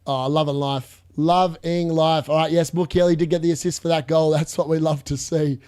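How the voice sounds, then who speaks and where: A young man hosting a live fantasy football watchalong, excitable and gloating, laughing often and repeating himself. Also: a little high, normal speed, clear, resonant tone. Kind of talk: live stream commentary.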